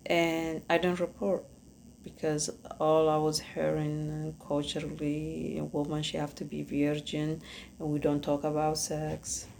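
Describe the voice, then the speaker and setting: A woman with an Ethiopian accent, a podcast host giving earnest personal testimony, halting and searching for words. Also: low-pitched, monotone, creaky, darkish tone, slight background noise.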